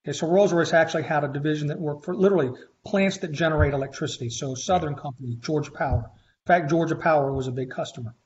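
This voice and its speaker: A man in his fifties, a faculty instructor, tells stories in a conversational interview with animated delivery and frequent restarts. His voice is on the high side and quick, with slight background noise on a slightly muffled lo-fi recording.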